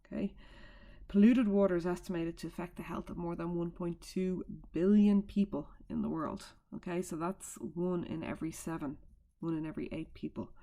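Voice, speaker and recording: A woman with a low voice and a gravelly fry running through it teaches a recorded lesson from home. She talks into a computer mic in a chatty way, explaining with fillers and side remarks. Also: mellow.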